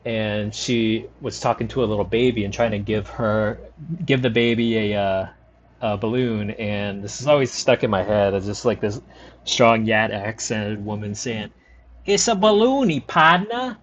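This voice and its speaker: A man from the New Orleans area giving rambling, relaxed commentary while streaming a game. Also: on the low side, normal speed, dull audio, a little hiss or hum. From New Orleans area, Louisiana. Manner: rambling, lots of fillers, relaxed. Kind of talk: casual commentary over gameplay.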